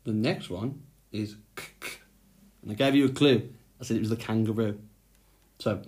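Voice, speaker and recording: Slow, patient male phonics teacher. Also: on the low side, steady tone, warm tone. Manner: slow, patient, sounding out letters. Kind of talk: phonics lesson for young children.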